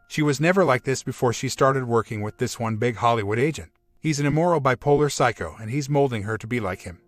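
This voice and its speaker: A man reading a relationship story aloud as scripted narration, in an even, measured way. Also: medium pitch, dry recording. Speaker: story reader.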